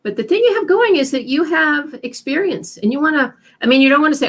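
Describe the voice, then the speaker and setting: A woman career coach giving advice as an interview guest, animated and acting out example phrases. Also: high-pitched, a little fast, hardly any pauses. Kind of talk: interview conversation.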